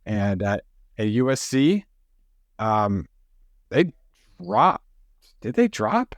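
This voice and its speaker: A man's voice: mid-range voice, sing-song, slow, vocal fry, no echo, clean studio sound. A middle-aged man co-hosting a casual sports podcast over a remote call, telling rambling stories that keep interrupting themselves. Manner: rambling, self-interrupting storyteller. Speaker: podcast co-host.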